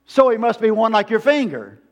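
A man's voice: sits high, sing-song, brisk, dull audio. A man preaching a sermon to a congregation, driving points home with repeated phrases and calling for amens.

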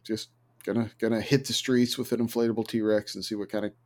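A man's voice: on the low side, level tone, fast talker, a little mellow. A man in his thirties chatting casually on a podcast, telling a story in a dry, wry way. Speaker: podcast co-host. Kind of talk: casual chat.

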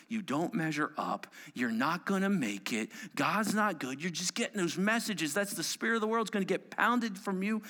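A middle-aged male pastor preaching a sermon, emphatic and swinging from loud declarations to hushed whispers. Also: high-pitched.

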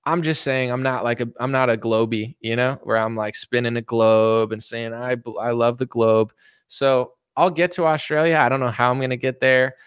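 A man's voice: medium pitch, steady tone, moderate pace, few pauses, fairly bright tone, smooth, no echo, clean studio sound. A man from the United States answering viewer questions in a casual, rambling, joking livestream chat. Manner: rambling, joking, reads viewer comments aloud.

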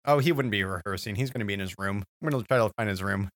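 A man's voice: on the low side, very fast, fairly bright tone, no echo. A man playing a tabletop role-playing game, talking in a dry, wry, slightly theatrical way. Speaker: player.

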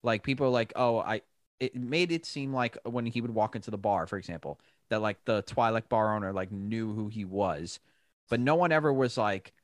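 A man's voice: lowish voice, normal speed, dry recording, clean studio sound. A young man co-hosting a casual fan chat, hesitant and full of "like". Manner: chatty, hesitant, lots of "like". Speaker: podcast co-host.

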